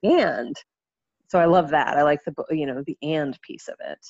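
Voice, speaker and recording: A woman in casual conversation, speaking reflectively about childhood and family messages, pausing and restarting often. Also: low voice, darkish tone, no room sound, muffled recording. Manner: reflective, halting, many restarts and fillers.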